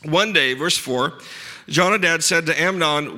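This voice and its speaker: A pastor preaching a sermon, earnest with dry asides, leaning hard on key words. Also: male voice, fairly high pitch, unhurried, bright, forceful tone. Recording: long hall reverb.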